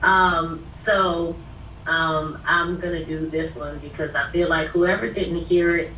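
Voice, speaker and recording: A woman's voice: deep voice, fairly even intonation, slow pace, bright, forceful tone, slight background noise. A woman, reciting her own spoken word poem in a rhythmic, declamatory way on a video call. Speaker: poet in a group call. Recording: distant, dull echoey call audio.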